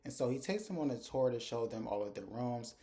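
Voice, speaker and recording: A man's voice: medium pitch, expressive, a little fast, mellow. A man talking into his phone camera in a chatty, casual recap of a TV episode, retelling scenes by quoting the characters. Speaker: TV episode reviewer.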